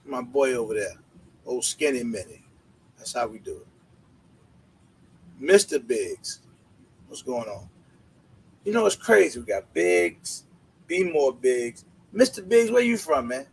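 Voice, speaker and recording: A man's voice: medium pitch, very animated, a little slow, pauses often, husky, poor audio. A man hosting a casual livestream, greeting viewers by name in laid-back slang. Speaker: livestream host.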